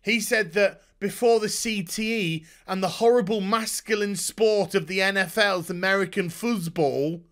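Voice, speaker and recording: A man's voice: sits high, normal speed, few pauses, a bit bright. A man giving a profane, sarcastic rant about a TV show. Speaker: YouTube TV reviewer. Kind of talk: ranting TV review.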